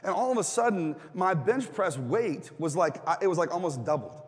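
A fairly high-voiced man preaches to his congregation in a loose, joking way, with filler words, and keeps asking them to answer back. His voice rings out with a long reverb tail from the church hall. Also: lively intonation, moderate pace. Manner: casual, joking, asks the congregation questions. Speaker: pastor. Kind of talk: sermon.

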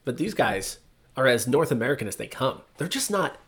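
A man co-hosting a casual podcast, his husky voice swinging widely in pitch as he talks quickly. He keeps up a wry, teasing back-and-forth. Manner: animated, wry, teasing banter. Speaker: podcast co-host. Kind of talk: casual chat.

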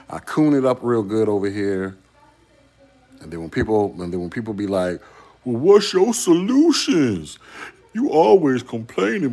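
Deep-voiced male YouTube host, casual chat, rhetorical and conversational. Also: darkish tone. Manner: conversational, rhetorical questions to a commenter. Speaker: YouTube commentator.

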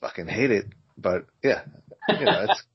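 A man chatting casually on a podcast, joking in a dry, deadpan, mumbling way. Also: sits low, moderate pace, husky. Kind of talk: casual banter. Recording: slightly dull lo-fi audio.

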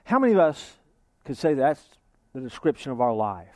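A man preaching a sermon as pastor, lively, acting out what his listeners might say. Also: medium pitch, brisk, no echo. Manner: lively preaching, acts out imagined congregants.

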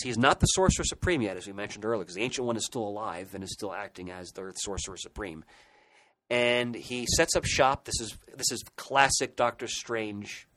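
A man with a lowish voice co-hosts a casual podcast. He retells stories with eager enthusiasm, often backing up and restarting his sentences. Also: a bit bright, a little hiss or hum, low-quality recording. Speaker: podcast co-host.

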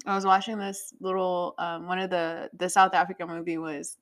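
A woman's voice: lowish voice, level tone, moderate pace. A woman hosting a podcast, chatting casually in a rambling way, swearing freely and laughing often. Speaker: podcast host. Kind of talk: casual chat.

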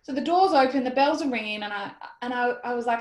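Animated Australian woman in a roomy space. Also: on the high side, quick pace, hardly any pauses. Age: 30s. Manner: animated, quotes herself, swears freely. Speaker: guest. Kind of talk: casual storytelling interview. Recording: roomy echoey sound.

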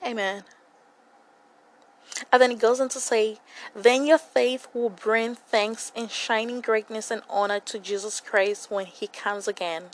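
Young woman, slightly high voice, earnest devotional speaker who repeats herself for emphasis. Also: steady tone, measured pace, poor audio. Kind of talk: devotional Bible reflection.

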